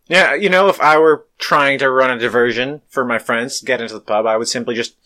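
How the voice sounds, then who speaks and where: A young man guesting on a casual podcast, chiming in with dry, deadpan jokes. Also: mid-range voice, fairly quick.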